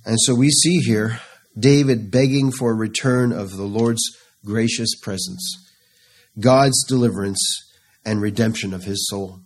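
Slow, fervent male preacher, low voice. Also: husky. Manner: slow, rising to fervent pleading in quoted psalms. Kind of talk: sermon.

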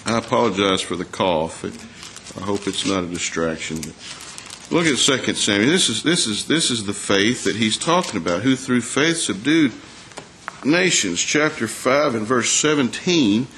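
A man's voice: fairly low pitch, lively intonation, normal speed, a bit bright, slight background noise. A man preaching a sermon in a folksy way, reading scripture and asking his listeners questions. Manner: folksy, asks the congregation questions, reads scripture aloud.

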